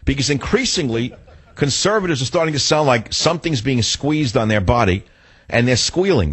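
A man's voice: medium pitch, lively intonation, normal speed, a bit bright, slightly rough, dry recording. A male radio talk show host giving an indignant monologue full of repeated rhetorical questions.

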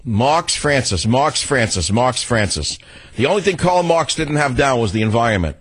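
An older man with a husky voice, hosting a radio talk show as a ranting, repetitive monologue that jumps up in pitch for emphasis. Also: animated, moderate pace, dry recording, poor audio.

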